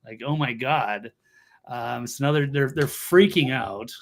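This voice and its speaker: A man's voice: mid-range voice, measured pace, creaky. Man hosting a political show, dry sarcastic delivery, lots of ums and you knows. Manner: deadpan irony, frequent fillers. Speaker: host.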